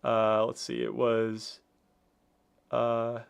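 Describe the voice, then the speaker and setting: A man's voice: medium pitch, completely flat delivery, very slow, vocal fry, clear, resonant tone. A man hosting a casual livestream about building a card game deck, talking loosely with many fillers and restarts as he reads viewer comments aloud.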